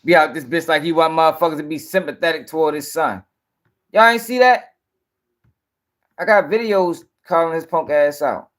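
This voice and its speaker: A man's voice: on the high side, a little fast, few pauses. A man hosting a live-stream news show, ranting in casual, profane, rambling talk and sounding tired.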